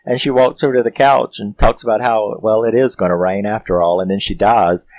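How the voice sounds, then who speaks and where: Male film reviewer, deep voice, chatty rambling recap with laughs, dry booth sound. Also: steady tone, brisk, a little mellow, no room sound. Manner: rambling, loose, with frequent "you know" fillers; laughs often while retelling.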